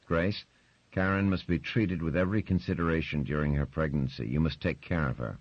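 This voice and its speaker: A man with a bass voice and steady tone plays a stern older patriarch laying down the law firmly and deliberately. The recording is dry, slightly muffled, and has no room sound.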